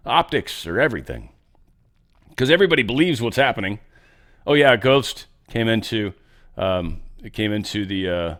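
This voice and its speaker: A man's voice: lowish voice, fairly bright tone. A man hosting a casual news commentary show, rambling through stories with joking asides and loose tangents. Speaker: host.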